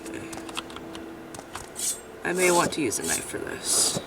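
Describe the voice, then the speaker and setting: A woman giving casual, chatty commentary while playing a game, swearing freely and breaking into loud outrage. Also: fairly low pitch, big pitch swings, unhurried, recorded from a distance, background noise. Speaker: gameplay commentator. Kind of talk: casual let's-play commentary.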